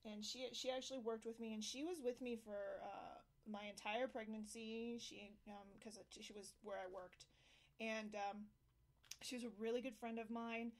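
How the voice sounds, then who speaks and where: A woman hosting a casual home interview, telling a story and acting out quotes with lots of fillers. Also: moderate pace. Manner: animated, acts out quotes in higher voices. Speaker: host.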